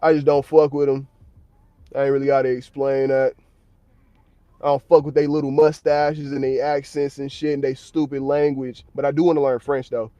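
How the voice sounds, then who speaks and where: A man's voice: mid-range voice, level tone, moderate pace, warm tone, no echo, dull audio. An American man livestreaming from his parked car at work, chatting casually in a blunt, slang-heavy, profane way. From United States.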